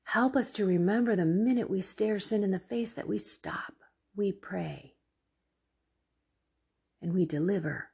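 A woman podcast host leading an earnest, fervent spoken prayer, pleading in a breathy voice. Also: mid-range voice, a little slow, pauses often, a little mellow. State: tearful.

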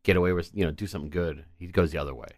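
A man co-hosting a casual movie discussion, trading sardonic, deadpan quips. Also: sits low, very fast, dry recording, clean studio sound. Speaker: podcast co-host.

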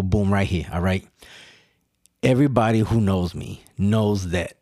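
A man talks through his week on his own podcast, earnest and emphatic, often restarting a phrase before landing it. His voice sits low and unhurried. The sound is dry and close, with no room around it. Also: darkish tone, no room sound. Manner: earnest, emphatic, repeats words and restarts, addresses listeners directly. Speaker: podcast host. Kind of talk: solo reflective monologue.

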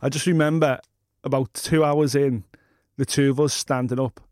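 A podcast co-host tells a long, meandering story in a casual chat, swearing and laughing as he goes. His voice is medium-pitched, steady, and slightly mellow, at a moderate pace. The recording is dry with clean studio quality.

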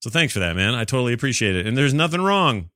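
A man's voice: medium pitch, big pitch swings, fast, sharp tone, no room sound, clean studio sound. A man hosting a podcast, reading listener emails aloud and chatting about them in a rambling, self-deprecating way. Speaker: podcast host.

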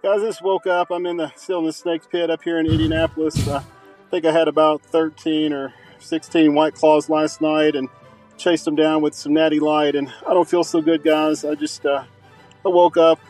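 A man's voice: a little high, little pitch movement, a little mellow, soft background music, lightly acted, low-quality recording. A man putting on the voice of a hungover young man rambling through a sick-day message. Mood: groggy. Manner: rambling, halting, groggy. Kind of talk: prank voicemail skit.

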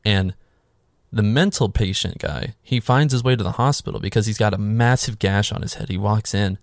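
A man's voice: on the low side, normal speed, no echo, studio quality. A man casually recapping a horror movie in a sarcastic, swearing, offhand way. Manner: sarcastic, swears freely, filler "like".

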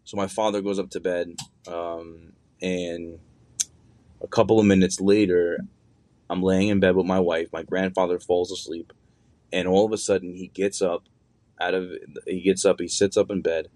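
A young man with a low voice tells a personal story in a relaxed, chatty way, leaning on fillers and casual slang. His voice is recorded dry and close, with no room sound. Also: moderate pace, no echo. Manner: loose and conversational, heavy on fillers and slang.

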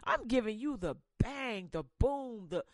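A woman's voice: a little high, expressive, unhurried, no echo, studio quality. A woman voicing Cain as a cocky, jealous young man who scoffs and talks in slang. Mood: resentful.

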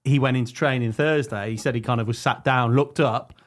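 A man's voice: medium pitch, fairly even intonation, fairly quick. A man co-hosting a podcast, asking questions in casual chat. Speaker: podcast co-host.

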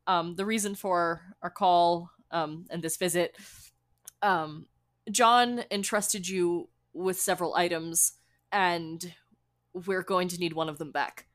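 A woman's voice: fairly low pitch, fairly even intonation, slow pace. A woman playing a tabletop role-playing game, speaking politely and a little flustered. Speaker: player. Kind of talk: casual tabletop play.

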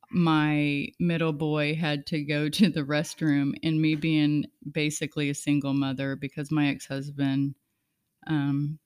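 A middle-aged woman with a low-pitched voice hosts a casual podcast chat. She tells family stories with animated energy, acting out what everyone said. The recording is dry and close. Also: clean tone, no room sound. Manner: animated storyteller acting out quotes. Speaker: podcast host.

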